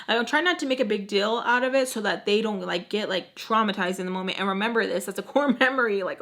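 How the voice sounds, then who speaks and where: A woman's voice: a little high, a little fast, hardly any pauses, a bit bright. A young woman telling a storytime on her vlog, chatty and full of "like", dropping in Spanish phrases and acting out the people in her story. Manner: acts out quoted people with voice changes. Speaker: storytime vlogger. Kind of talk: casual storytime chat.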